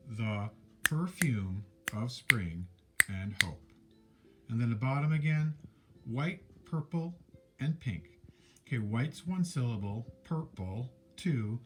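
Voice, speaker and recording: A man's voice: mid-range voice, warm tone. A man teaching a classroom lesson, patiently repeating points and counting things out step by step.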